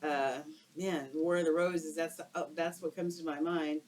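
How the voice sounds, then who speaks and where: A woman's voice: low voice, steady tone, unhurried, darkish tone, poor audio. A woman doing a casual tarot card reading for her viewers, exclaiming and using slang as she turns the cards. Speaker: tarot reader.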